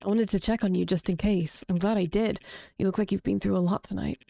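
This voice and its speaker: A woman voicing a gentle, concerned young male friend checking on someone in a game. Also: mid-range voice, steady tone, fast talker, vocal fry, no echo, clean studio sound.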